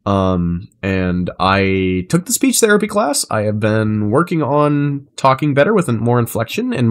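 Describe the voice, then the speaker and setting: A young man chatting casually on a live stream, rambling and swearing, his delivery swinging between flat and animated. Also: mid-range voice, a little slow, hardly any pauses.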